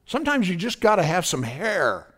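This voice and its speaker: A man's voice: sits high, huge pitch swings, normal speed, fairly bright tone. A man preaching a fervent sermon as pastor, often breaking in with "praise God" and asking if the congregation is listening.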